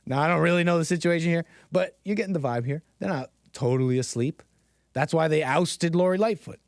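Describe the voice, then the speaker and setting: A man hosting a casual commentary stream, talking in a loose, rambling way with many restarts and the odd laugh. His voice sits a little high and sounds close and dry. His delivery is unpolished and conversational. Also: brisk, no room sound. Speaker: host.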